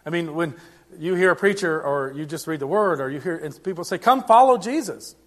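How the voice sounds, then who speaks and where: A middle-aged man preaching a sermon as pastor, in a conversational way with frequent restarts and swings in loudness. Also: a little high, brisk.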